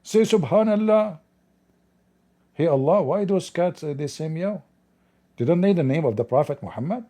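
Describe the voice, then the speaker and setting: A man's voice: a little high, lively intonation, normal speed, pauses often, warm tone. A man hosting a livestream, talking in a sarcastic, mocking way in non-native English. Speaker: livestream host. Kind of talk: livestreamed commentary.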